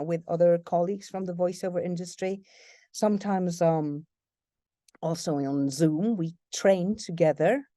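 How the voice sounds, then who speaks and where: Animated woman with a warm low voice. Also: no room sound, clean studio sound. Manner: animated, playful, switches into accents mid-sentence. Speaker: guest, voiceover artist and narrator. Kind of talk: casual interview talk.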